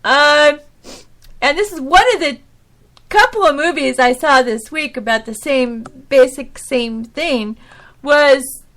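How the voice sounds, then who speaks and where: Woman, high voice, middle-aged, emotional, rambling, preachy rant, laughing often. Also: takes it slowly. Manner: animated, preachy ranting. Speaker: podcast host. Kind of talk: casual monologue.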